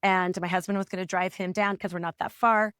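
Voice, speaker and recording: A woman's voice: fairly low pitch, flat delivery, fairly quick, a bit bright, clean tone, no room sound, clean studio sound. Earnest woman telling a family story. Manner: earnest and emotional, acts out remembered dialogue. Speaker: guest, parent coach. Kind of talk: candid personal storytelling in a podcast interview.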